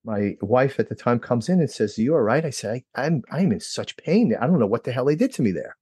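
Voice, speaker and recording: A middle-aged man from New Jersey, a guest telling his own story in a lively way and acting out quoted dialogue with jumps in pitch. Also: brisk, breathy edge, no room sound, studio quality. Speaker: interview guest. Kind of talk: personal storytelling.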